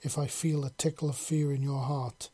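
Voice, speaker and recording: A man voicing a gentle, devoted female alien who speaks softly and reassuringly in a storybook reading. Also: fairly high pitch, flat delivery, normal speed, husky. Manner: soft, reassuring.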